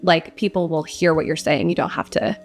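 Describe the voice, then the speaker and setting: A woman's voice: low-pitched, fairly quick, gravelly, over music. A young woman who narrates audiobooks, answering interview questions in a casual, reflective way with frequent fillers.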